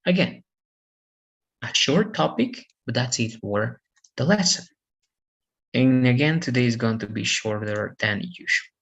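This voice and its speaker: Male English teacher, unhurried delivery, gravelly tone, patient step-by-step explaining. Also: medium pitch, lively intonation, fairly bright tone, low-quality recording. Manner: slow, patient explaining with self-corrections. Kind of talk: online classroom lesson.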